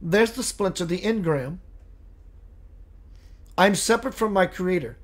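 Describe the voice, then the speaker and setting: A man with a high-sitting, animated voice speaks at a measured pace while hosting a live spiritual show. He answers viewer comments in a gentle, earnest, meditative way.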